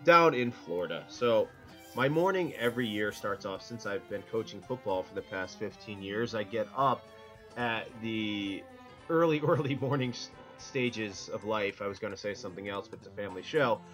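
A man's voice: lowish voice, expressive, moderate pace, fairly bright tone, faint music behind, poor audio. A middle-aged man from Connecticut, co-hosting a casual podcast roundtable, rambling and joking and cutting himself off mid-sentence. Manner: rambling, jokey, self-interrupting. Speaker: podcast co-host.

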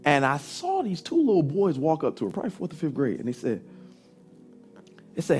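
Husky, animated preacher man. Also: on the high side, fairly quick, faint music behind. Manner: animated preaching, voice swinging from loud emphasis to soft aside. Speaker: pastor. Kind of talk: sermon with storytelling.

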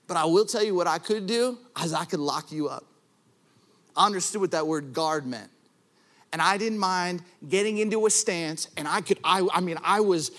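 A high, bright male voice preaching a sermon. He is an animated storyteller who jokes at his own expense and swells to shouting when driving a point home. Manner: self-deprecating humor. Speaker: pastor.

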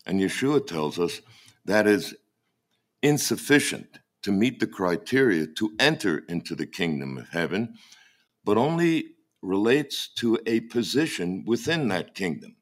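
A man preaching a sermon as pastor, emphatic and often halting to repeat his words, with a dry mocking humour. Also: lowish voice, big pitch swings.

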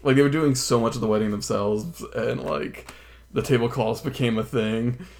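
Gravelly-voiced rambling podcast co-host. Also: medium pitch, moderate pace, a little mellow. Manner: rambling, many "like" fillers, laughs often. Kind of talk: casual podcast chat.

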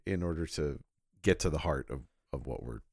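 A man with a very low voice that still swings widely in pitch, trading wry remarks in a casual podcast chat. He laughs along easily. The recording is dry and close. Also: lively intonation, moderate pace, vocal fry, a little mellow, slightly rough, dry recording. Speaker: podcast co-host.

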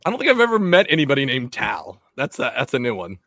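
A man's voice: medium pitch, wildly swooping pitch, quick pace, fairly bright tone, no echo. A man hosting a casual fishing podcast, a rambling storyteller who laughs and restarts his sentences. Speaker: podcast host.

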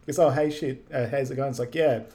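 A man's voice: medium pitch, fast talker. Easygoing man on a movie podcast. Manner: relaxed, loose, filler-heavy storytelling. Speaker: podcast co-host. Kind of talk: casual movie recap chat.

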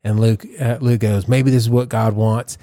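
A man's voice: fairly low pitch, fairly even intonation, moderate pace, warm tone. A man with an East Texas accent co-hosting a podcast, retelling a movie in a joking, teasing way. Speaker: podcast co-host. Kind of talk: casual chat.

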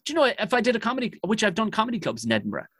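Animated, sweary comedian. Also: male voice, high-pitched, rapid-fire, slightly rough, no echo. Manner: animated, profane, self-mocking storytelling. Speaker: comedian guest. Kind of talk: storytelling podcast chat.

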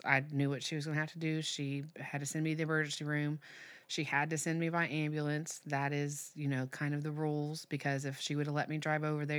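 A woman in her thirties, a podcast guest telling a personal story candidly, with halting restarts and fillers. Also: sits low, fairly bright tone.

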